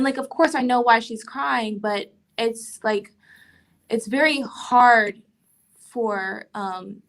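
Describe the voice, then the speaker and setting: A woman's voice: mid-range voice, fairly bright tone. Earnest, thoughtful woman author. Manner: thoughtful, earnest, many pauses with "um". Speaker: author and poet, interview guest. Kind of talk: reflective interview answers.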